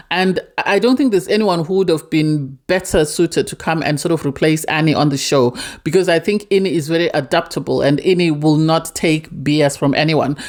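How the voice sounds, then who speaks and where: A woman's voice: deep voice, darkish tone. A woman reviewing a reality TV episode in a casual, emotional way, often repeating herself as she talks. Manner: emotional, earnest, repeats words.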